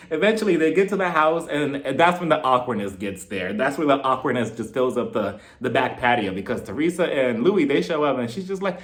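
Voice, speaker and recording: A man giving a casual, sassy review of a reality show, animated and laughing often. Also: fairly high pitch, fairly quick. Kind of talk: casual vlog commentary.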